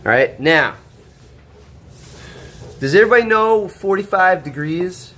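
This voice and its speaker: A man teaching a high school shop class, walking students through a drawing step by step, checking in often and joking with them. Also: lively intonation, unhurried, fairly bright tone. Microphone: camera held by a student.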